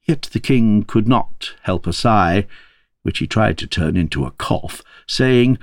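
A man reading a fairy tale aloud as narrator with expressive, playful delivery. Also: on the low side, unhurried, no echo, clean studio sound. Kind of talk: storybook read-aloud.

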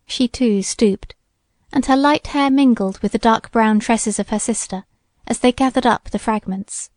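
Brief: female audiobook narrator, fairly high voice, measured, dry close-miked sound. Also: a little mellow, no echo.

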